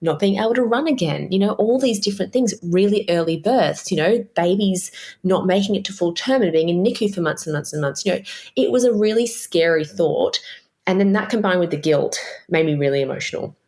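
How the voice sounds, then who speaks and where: An Australian woman in her thirties tells her own story with open candor and a slightly low voice. She swears casually and slips into quoted voices as she speaks. Her tone stays conversational throughout. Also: expressive, brisk, a little mellow. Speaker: podcast host. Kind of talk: personal storytelling.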